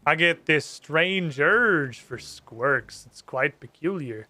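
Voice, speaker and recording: A man voicing a dignified talking cat in a game, speaking slowly in a measured, stately way. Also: a little high, expressive, sharp tone, no room sound, heavily acted. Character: slow, dignified garden cat.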